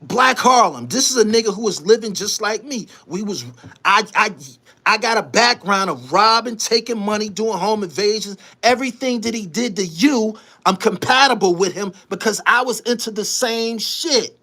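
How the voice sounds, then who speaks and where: A man's voice: sits high, animated, moderate pace, bright, forceful tone. A man hosting his own show, delivering a heated, boastful, profane monologue and repeating himself for emphasis. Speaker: show host. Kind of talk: angry monologue to camera.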